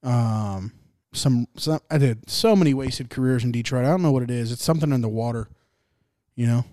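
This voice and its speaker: A man's voice: mid-range voice, normal speed, warm tone, no room sound, studio quality. A young man hosting a laid-back sports podcast, rambling, joking and swearing as he reacts to games. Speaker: podcast host. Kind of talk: casual sports chat.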